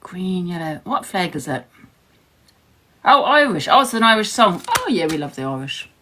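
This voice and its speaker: A woman's voice: on the low side, big pitch swings, normal speed, pushed and bright, slight background noise. A woman from New Zealand chatting casually on a livestream, rambling and defensive and laughing often. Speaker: livestream host.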